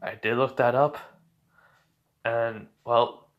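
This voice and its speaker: A man's voice: mid-range voice, fairly even intonation, takes it slowly, muffled recording, lightly acted. Man reads as a cheerful, teasing teenage boy hero.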